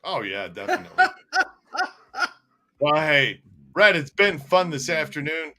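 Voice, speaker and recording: A man's voice: on the high side, sing-song, unhurried, bright, forceful tone. A man co-hosting a casual live-stream chat, joking around and laughing often. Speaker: co-host.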